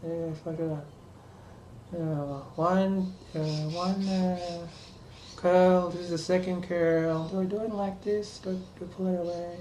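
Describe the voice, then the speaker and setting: A woman's voice: lowish voice, fairly even intonation, a little slow, warm tone, reverberant, slight background noise. Rambling woman muttering through her makeup. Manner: rambling, self-talking, muttering asides. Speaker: vlogger. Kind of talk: casual chat while doing makeup. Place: small room at home.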